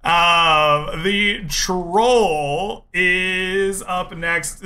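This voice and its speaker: A man's voice: fairly high pitch, fairly even intonation, drawn-out words, few pauses, pushed and bright, a little hiss or hum. A man running a tabletop game as game master, narrating the action and giving rulings.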